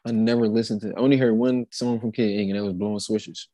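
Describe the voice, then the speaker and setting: A young man in casual chat, speaking in relaxed slang, stalling with fillers as he thinks. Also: on the low side, fast, no echo, low-quality recording.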